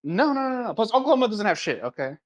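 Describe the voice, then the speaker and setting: A young man with a fairly high voice, co-hosting a casual podcast. He tells stories in a laid-back way and keeps checking in with his listener. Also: sing-song, fast. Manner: laid-back storyteller, drawls out asides like "right?". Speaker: podcast co-host. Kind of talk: casual chat.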